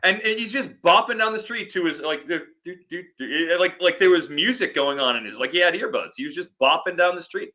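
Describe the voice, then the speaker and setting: Bright-voiced man telling animated stories. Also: high voice, fast, few pauses. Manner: animated storyteller, rambling with restarts. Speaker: football analyst on a podcast. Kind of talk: casual podcast chat.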